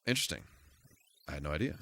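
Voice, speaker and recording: A man's voice: rumbling low, sing-song, very fast, fairly bright tone, no room sound. A man giving live commentary while playing a game, breaking into goofy exclamations and mock-formal asides. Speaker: streamer.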